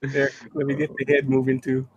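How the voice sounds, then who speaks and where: A man's voice: medium pitch, completely flat delivery, a little fast, darkish tone, husky, lo-fi sound. A man on a live stream call, a guest drawing while he chats in a laid-back way. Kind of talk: casual call-in chat.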